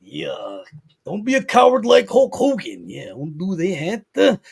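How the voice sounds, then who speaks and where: A man voicing a brash male wrestler with a raspy growl, loud and theatrical. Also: high-pitched, huge pitch swings, slow pace, full character voice. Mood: boastful.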